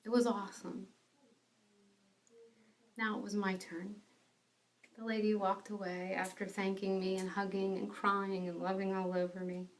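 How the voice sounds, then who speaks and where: A woman telling a personal faith testimony, in an earnest, animated storytelling manner. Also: mid-range voice, a little slow, long pauses, distant mic. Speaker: ministry speaker.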